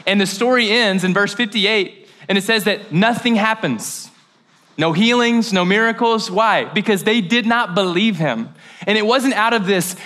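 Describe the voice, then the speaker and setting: A man's voice: high voice, expressive, measured pace, pushed and bright. A man from Kentucky preaching a casual, joking sermon in church, with slangy asides. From Mayfield, Kentucky, USA. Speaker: pastor. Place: church service. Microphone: handheld or headset mic.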